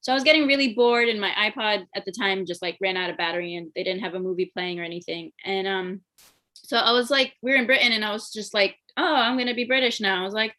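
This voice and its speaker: A woman's voice: mid-range voice, quick pace, pushed and bright. A young woman performing a stand-up comedy set, hesitant and full of ums, often laughing between her jokes. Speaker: stand-up comic. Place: comedy show stream.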